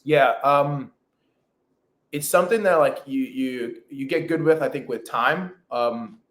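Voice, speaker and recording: A man who calls himself a fast talker, a real estate script trainer, chatting casually in an interview with many fillers and restarts. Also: medium pitch, a bit bright. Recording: roomy echo.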